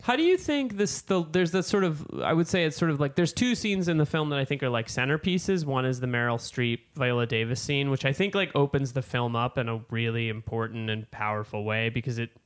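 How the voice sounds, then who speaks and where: A man co-hosting a casual film-discussion podcast, animated and jokey, given to mock accents. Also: mid-range voice, fairly quick, hardly any pauses. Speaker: podcast co-host.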